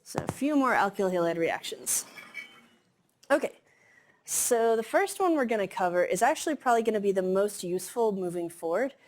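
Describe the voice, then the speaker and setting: A woman's voice: mid-range voice, animated, moderate pace. A woman giving a chemistry lecture in a classroom, explaining casually with many fillers. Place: lecture hall.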